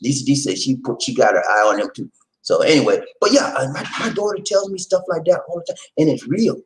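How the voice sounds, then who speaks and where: A middle-aged man hosting his vlog at home, telling stories in a folksy, animated way and talking straight to his viewers. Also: medium pitch, fast talker, slight background noise, rough recording. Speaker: vlog host. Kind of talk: casual storytelling chat to camera. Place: home in the Philippines.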